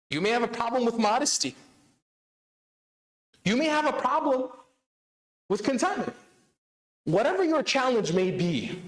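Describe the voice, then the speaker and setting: A man giving an interactive sermon at a religious celebration, calling on the audience with repeated questions. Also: sits high. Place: large hall of an Islamic center. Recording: echoey hall.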